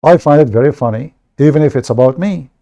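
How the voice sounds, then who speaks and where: A man from the Middle East speaks English with an Arabic accent, his voice low and gravelly with a dark, mellow tone. He talks bluntly and jokes at his own expense, often stumbling over and repeating words in a casual livestream monologue. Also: fast talker, lo-fi sound. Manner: blunt, joking, self-mocking, repeats words. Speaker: online debate show host.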